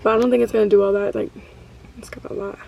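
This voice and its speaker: A woman's voice: mid-range voice, steady tone, fast, vocal fry, dark tone, slight background noise. A young woman vlogger chatting casually to her camera, gushing and full of slang.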